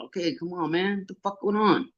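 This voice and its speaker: Profane, high-voiced man venting on stream. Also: steady tone, fairly quick, dull audio. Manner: frustrated, profane, stammering, answers chat comments. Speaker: live stream host. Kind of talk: live fight reaction chat.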